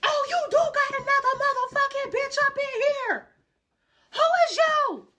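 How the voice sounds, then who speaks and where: Woman doing a shrill furious ex, yelling and cussing way high up. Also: a little slow, heavily acted. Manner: screaming, profane confrontation. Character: furious jealous young woman, loud and cursing.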